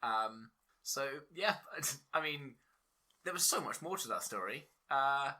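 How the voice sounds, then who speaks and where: A man co-hosting a casual podcast, swearing often and laughing through animated banter. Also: medium pitch, slow. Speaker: podcast co-host.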